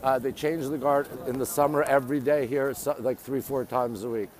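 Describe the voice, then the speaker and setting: A man's voice: medium pitch, fairly even intonation, a little fast. A man live-streaming from his phone outdoors, chattily greeting viewers and answering their comments as he walks. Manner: chatty, repeatedly greets viewers and says "there you go". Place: outdoors at a city landmark.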